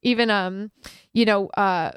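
Chatty young woman with a smooth voice. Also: mid-range voice, measured pace, dry recording, studio quality. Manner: chatty, many filler likes, animated retelling. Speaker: student filmmaker guest. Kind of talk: casual interview chat.

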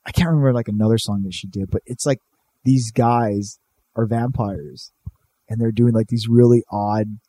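A man's voice: fairly low pitch, fairly even intonation, normal speed, dark tone. Profane, rambling young man telling a story. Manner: profane, rambling, says "dude" a lot. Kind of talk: casual storytelling chat.

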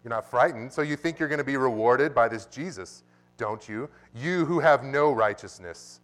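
A pastor putting on a mocking Satan. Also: male voice, medium pitch, lively intonation, moderate pace, close to an everyday voice. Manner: mocking, scornful. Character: taunting Satan, sneering male tempter.

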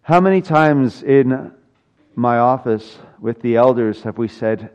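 An older man delivers a sermon from the pulpit, mixing earnest teaching with dry, gentle humor. He leans on repetition to drive his points home. The recording is a little dull and lo-fi. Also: mid-range voice, moderate pace, clean tone. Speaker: pastor.

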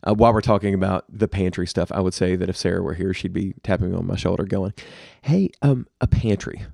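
A man with a low, gravelly voice chats casually as a podcast co-host, offering practical tips to his listeners. The sound is close and dry, with no room around it. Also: level tone, fast talker, a little mellow, no room sound. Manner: conversational, advice-giving, addresses listeners directly. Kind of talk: casual chat.

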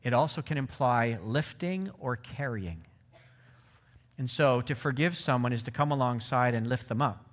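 A middle-aged man preaching a sermon in a relaxed, conversational way, often checking in with his listeners. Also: mid-range voice, normal speed. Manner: conversational, asks the audience "right?". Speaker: pastor.

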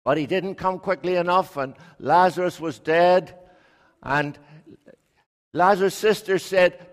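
A man giving a storytelling sermon, playfully acting out the quotes. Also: sits high. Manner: slow, playful, acts out quotes. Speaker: preacher. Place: church. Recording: echoey hall.

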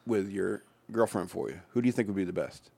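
A man's voice: sits low, a little fast, vocal fry, a little mellow, husky, no echo. Young man, co-host, reads quotes with chuckles, dry close sound, casual tone. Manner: reads quotes aloud, chuckles through them. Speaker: podcast co-host. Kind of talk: casual comedic chat, reading a story aloud.

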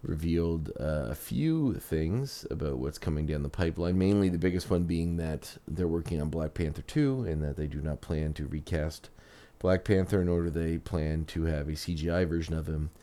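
A man's voice: very deep voice, normal speed, few pauses, warm tone. A man hosting a podcast, chatting casually with rambling restarts, then narrating a story. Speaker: podcast host.

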